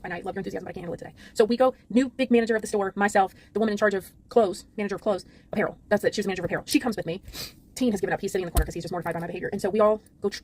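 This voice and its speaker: A middle-aged woman vlogger telling a story in a rapid, exasperated rant, frazzled and trying to hold it together. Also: mid-range voice, a little hiss or hum.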